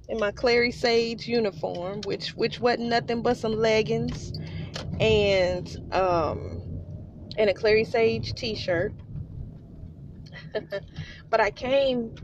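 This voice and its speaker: A woman's voice: mid-range voice, highs cut off, a little hiss or hum. Emotional woman telling a personal story. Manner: heartfelt, addresses listeners as you guys. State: holding back tears. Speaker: podcast host.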